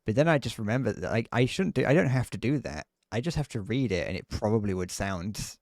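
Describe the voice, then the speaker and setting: A man's voice: lowish voice, lively intonation, fast, darkish tone, no room sound, studio quality. A young British man chatting casually on a live gaming stream, rambling with frequent restarts and laughs.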